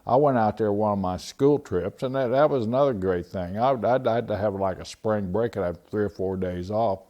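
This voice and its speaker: Ex-wrestler, relaxed recollection, low dark voice, dull lo-fi recording. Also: male voice, normal speed. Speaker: former wrestler. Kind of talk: interview recollection.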